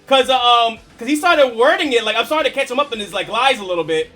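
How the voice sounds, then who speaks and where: A man streaming and telling a story to his viewers in a casual, animated way, chuckling and swearing freely. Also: very high-pitched, fast, faint music behind.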